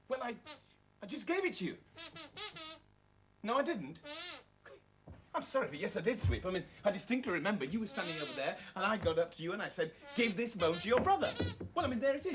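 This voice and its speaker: A woman presenting a children's puppet show, playful and excitable as she talks to puppets. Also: medium pitch, noisy background.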